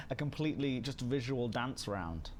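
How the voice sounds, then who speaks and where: A man's voice: mid-range voice, wildly swooping pitch, takes it slowly, a crowd in the background. A man hosting a casual livestream, chatty and self-deprecating, reading chat messages aloud. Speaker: livestream host.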